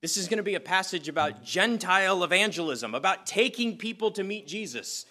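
A man's voice: high voice, lively intonation, a little fast, sharp tone. A man preaching a sermon as pastor, reading scripture and praying, conversational with frequent "uh" fillers.

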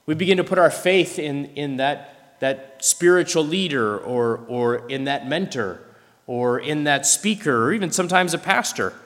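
Male preacher, slightly higher voice, expressive sermon delivery, long hall reverb. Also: moderate pace. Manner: expressive, dramatizes scripture quotes.

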